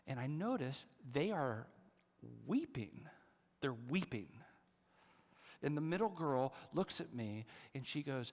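A middle-aged man preaching a sermon as pastor, moving between hushed, prayerful near-whispers and lively storytelling. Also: fairly high pitch, takes it slowly. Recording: long hall reverb.

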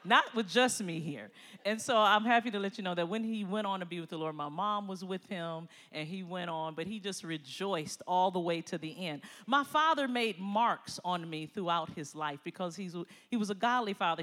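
A middle-aged woman preaching a sermon, moving between quiet personal stories and loud exhortation. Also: lowish voice, normal speed, hardly any pauses. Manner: animated, swings from quiet storytelling to loud exhortation, laughs often. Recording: long hall reverb.

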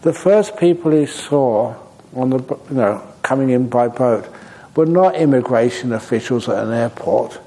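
A man, a Buddhist monk, answers questions from his audience in a relaxed dharma talk. His voice is mellow and warm, never bright. He moves easily between teaching points and humorous, unhurried anecdotes. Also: medium pitch, low-quality recording. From Australia.

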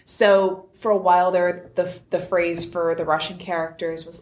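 A woman speaking on a convention panel, telling lively stories and acting out the dialogue she quotes. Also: lowish voice, moderate pace, hardly any pauses. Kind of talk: panel discussion, anecdotal and animated. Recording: roomy convention room with faint noise.

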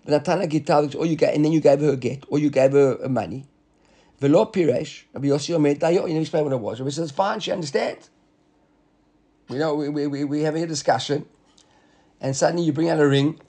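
A man teaching a Talmud class, explaining quickly and repeating words as he reasons aloud. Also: a little high, mellow, husky.

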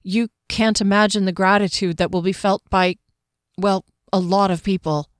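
Woman reading a reserved male swordsman, formal and earnest, mid pitch, dry close sound. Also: steady tone, normal speed, no echo, close to an everyday voice.

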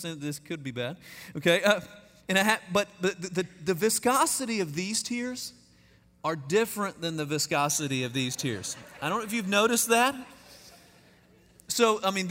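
Folksy Texan preacher in an echoing church. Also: male voice, high-pitched, a bit bright. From East Texas. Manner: folksy, self-deprecating humor, addresses the congregation directly. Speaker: guest preacher. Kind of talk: storytelling sermon. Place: large church sanctuary. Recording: echoey church hall reverb.

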